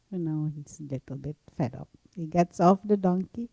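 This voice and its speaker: A woman meditation teacher telling a story in a gentle spiritual talk, laughing softly now and then. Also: fairly low pitch, no echo. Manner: slow, gentle storytelling with frequent soft laughs.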